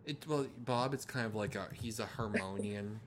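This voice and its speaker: A man's voice: fairly low pitch, moderate pace. A man co-hosting a casual chat podcast, talking in a wry, joking way. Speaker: podcast co-host.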